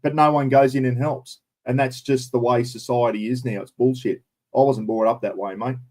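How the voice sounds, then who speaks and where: A man's voice: mid-range voice, fairly even intonation, normal speed, darkish tone. A middle-aged Australian man hosting a casual live stream and answering viewers, blunt and opinionated, swearing now and then. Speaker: livestream host.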